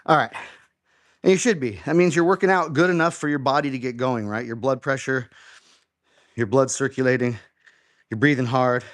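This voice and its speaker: A man's voice: mid-range voice, moderate pace, long pauses, no room sound, clean studio sound. A man hosting a live home workout, explaining form and counting reps aloud in an encouraging way. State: slightly out of breath. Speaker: fitness host.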